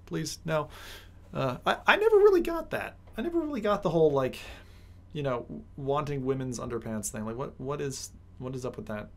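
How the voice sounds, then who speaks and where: A woman streaming a racing game, chatting casually with her viewers in an excitable, joking way, swearing often. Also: very deep voice, brisk. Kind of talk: casual live-stream chat while gaming.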